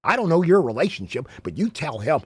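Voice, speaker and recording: A man hosting a loose, chatty livestream in a fairly high voice that swings up and down a lot. He rambles, swears freely and keeps laughing at his own stories. The sound is close and dry, with no room around it. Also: sing-song, brisk, breathy edge, no echo. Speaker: livestream host. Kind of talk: casual livestream commentary.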